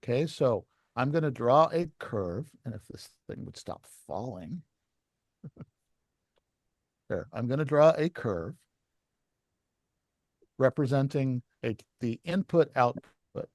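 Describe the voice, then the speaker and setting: A man's voice: medium pitch, animated, takes it slowly, pauses often, darkish tone, no room sound. Man lecturing a class, dry sound. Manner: explains step by step, asks the class questions. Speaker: licensing class instructor.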